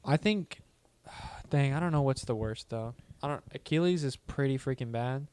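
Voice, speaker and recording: A man's voice: medium pitch, moderate pace, darkish tone, a little hiss or hum. A young man co-hosting a casual podcast, rambling goofily and saying "dude" a lot. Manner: rambling, goofy, says "dude" and "freaking" often. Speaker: podcast co-host.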